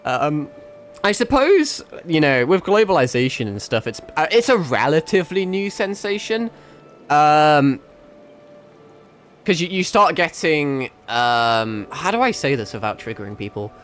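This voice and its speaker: A man's voice: a little high, sing-song, measured pace, fairly bright tone, a little hiss or hum. A young man with a mixed northern English accent, chatting casually to his livestream while gaming, rambling, swearing and laughing often. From England. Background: faint background music.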